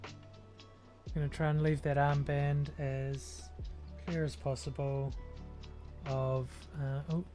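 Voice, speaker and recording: This is a streamer with a New Zealand accent, thinking aloud while painting and scattering ums through every thought. The delivery is loose and unhurried, and faint music plays in the background. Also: medium pitch, level tone, dark tone. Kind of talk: casual livestream chat while working.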